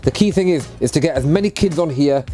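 A man's voice: on the high side, fast talker, warm tone, soft background music. A man talking casually to camera in a vlog, upbeat and chatty, outdoors beside a bus. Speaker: vlogger and bus converter.

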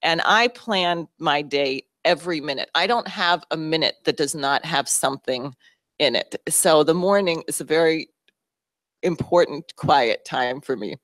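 Low-voiced, intense woman speaker. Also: unhurried, fairly bright tone, no room sound, studio quality. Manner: intense and driven, with restarts. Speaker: speaker at a town hall. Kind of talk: public talk to an audience.

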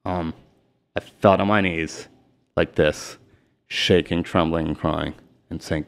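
A middle-aged man, a sports agent telling his story candidly in an interview, emphatic and retelling dialogue in rapid bursts. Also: low-pitched, flat delivery, gravelly. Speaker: guest, sports and celebrity agent.

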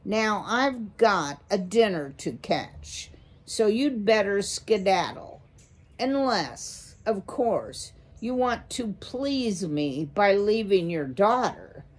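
A woman's voice: medium pitch, very animated, slow pace. A woman reading a storybook aloud, voicing a bossy, menacing male owl who demands and screeches impatiently. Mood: demanding.

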